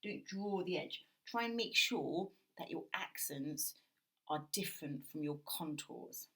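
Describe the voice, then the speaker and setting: A woman with a British accent teaching a drawing lesson, explaining gently and thinking aloud as she draws. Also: deep voice, lively intonation, measured pace, poor audio. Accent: British English. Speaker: art teacher. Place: indoors at a drawing table.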